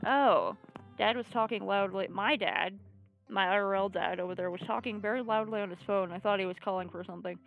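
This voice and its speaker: A woman's voice: medium pitch, a little fast, vocal fry, phone-quality sound, soft background music. A woman streamer reading a video game aloud and playing it, with playful joking asides.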